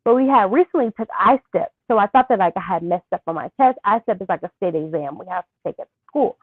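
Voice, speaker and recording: Young woman, interview guest, halting soft speech, dry tinny phone-like sound. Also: medium pitch, lively intonation, no echo. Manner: soft-spoken, halting with fillers. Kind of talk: interview, personal story. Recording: thin phone-like line.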